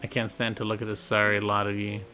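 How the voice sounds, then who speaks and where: A man voicing a brash, rough-spoken woman sailor who blusters and scolds, for a video game. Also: lowish voice, monotone, fast talker, pushed and bright, faint music behind. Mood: blustering.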